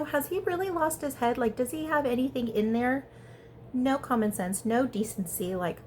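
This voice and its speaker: A woman giving a casual, chatty recap of a reality show episode, talking fast and peppering her speech with "like". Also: medium pitch, a little hiss or hum. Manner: chatty, animated, heavy use of "like". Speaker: reality TV reviewer.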